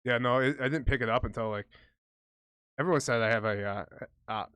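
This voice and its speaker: A man's voice: a little fast, a bit bright, clear, resonant tone, dry recording. Rambling, swearing man on a podcast. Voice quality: high voice for a big man, says smoking affected it. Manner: rambling, profane, jokey. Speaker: podcast co-host. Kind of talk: casual chat.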